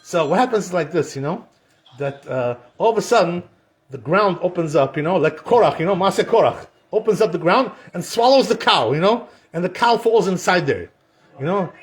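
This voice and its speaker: Chatty rabbi, high-pitched man. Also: animated, moderate pace. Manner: chatty, peppered with "you know" and Hebrew terms, acts out quotes. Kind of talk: casual Torah lesson with storytelling.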